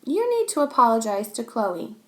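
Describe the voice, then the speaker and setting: A woman's voice: a little high, big pitch swings, moderate pace, fairly bright tone. Woman as a firm, patient schoolteacher. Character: calm, firm female schoolteacher.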